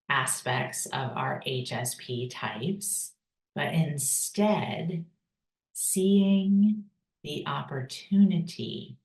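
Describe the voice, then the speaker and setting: A woman teaching a personal growth course, calm and deliberate, with pauses for breathing and repeated key phrases. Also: extremely low pitch, roomy sound, poor audio. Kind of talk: slow guided teaching with breathing cues.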